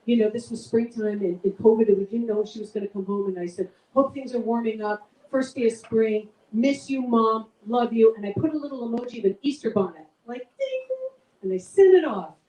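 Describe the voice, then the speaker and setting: A woman's voice: lively intonation, brisk, warm tone, distant mic. A middle-aged woman doing a chatty, self-mocking stand-up comedy set for a live audience. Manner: chatty, self-mocking, big swings in pitch. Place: event room with a live audience. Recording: echoey room, voice off-mic.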